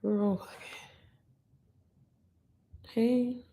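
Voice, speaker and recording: A woman chats on a casual livestream, excitable and talking straight to her viewers. Her voice sits in a middle pitch. The sound bounces around an echoey room. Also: a little fast. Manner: excitable, chatty, addresses viewers directly. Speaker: online course promoter.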